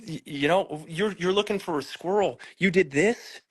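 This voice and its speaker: A man's voice: on the high side, normal speed. A man, talking through his house in an emotional interview, upset and close to tears, repeating words, restarting sentences and swearing. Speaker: pet owner interviewed about a raid.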